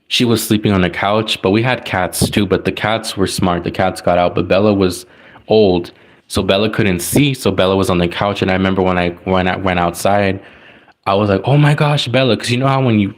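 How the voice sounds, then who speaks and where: A man telling a personal story in casual, rambling talk, full of likes and restarts. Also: sits low. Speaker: tarot reader.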